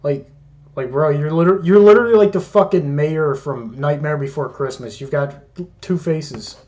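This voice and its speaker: A man's voice: a little high, normal speed, darkish tone. A man giving sarcastic, profanity-laden commentary while reacting to clips. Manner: mocking, sarcastic, heavy swearing.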